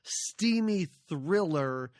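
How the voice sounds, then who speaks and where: A woman hosting a podcast, retelling movie scenes in an animated way and giggling often. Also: fairly low pitch, very slow, dry recording, clean studio sound. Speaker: podcast host. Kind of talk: casual movie review chat.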